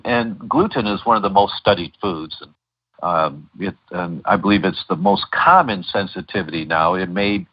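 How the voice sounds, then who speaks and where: A middle-aged man talks as an interview guest, his very low voice carrying a husky edge. He wanders through stories with frequent fillers and false starts. The sound is dull and lo-fi, like a call recording. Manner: storytelling, many fillers and restarts. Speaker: guest doctor and lecturer.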